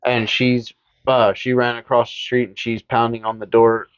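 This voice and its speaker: A man co-hosting a casual podcast, telling a film's story in a loose, rambling way, with plenty of swearing and fillers. His voice sits at a middling pitch. The audio is dull and lo-fi. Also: level tone, clear, resonant tone. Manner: rambling, profane, acts out characters in quick voices. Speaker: podcast co-host. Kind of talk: casual movie recap chat.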